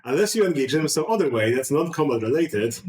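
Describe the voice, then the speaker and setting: A man running a tabletop game as game master, chatty and relaxed, with many fillers. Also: on the high side, brisk, echoey room, low-quality recording.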